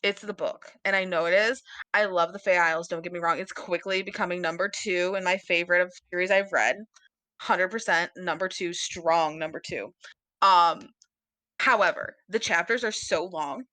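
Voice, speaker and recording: A woman's voice: fairly low pitch, steady tone, normal speed, bright, forceful tone, no room sound. A woman co-hosting a podcast, chatting casually about books in a rambling, giggly way with lots of fillers. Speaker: podcast co-host.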